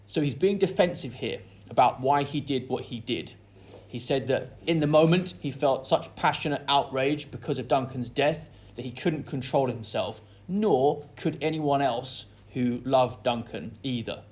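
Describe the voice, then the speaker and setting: A man's voice: mid-range voice, a little slow, a little mellow. A man teaching a lesson that analyses a play, reading quoted lines aloud with dramatic stress before explaining them. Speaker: English literature teacher.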